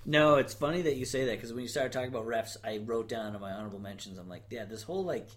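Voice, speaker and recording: Male co-host, relaxed, agreeable, chimes in often. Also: medium pitch, fast. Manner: laid-back, frequent agreeing backchannels. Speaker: podcast co-host. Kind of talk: casual wrestling podcast chat.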